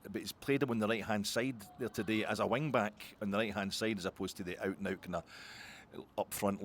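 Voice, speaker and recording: A middle-aged Scottish man hosting a fan's post-match reaction, rambling excitably between muttered asides and loud outbursts. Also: fairly low pitch, slight background noise. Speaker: football podcast host.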